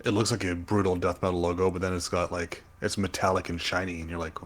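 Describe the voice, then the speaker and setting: A man co-hosting a podcast in easygoing chat, hesitant and quick to poke fun at himself. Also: sits low, level tone, a little hiss or hum. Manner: easygoing, hesitant, self-deprecating. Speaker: podcast co-host. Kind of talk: casual chat.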